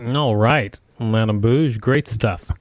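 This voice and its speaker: A man hosting a live-streamed talent show over a video call, halting with many fillers and dry jokes. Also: medium pitch, very noisy.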